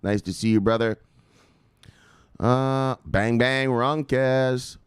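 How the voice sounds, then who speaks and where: A middle-aged man hosting a casual crypto live stream, joking, swearing and calling out viewers' names with a loud "bang". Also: mid-range voice, expressive, slow, clean tone, no room sound, studio quality. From United States. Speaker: crypto video host.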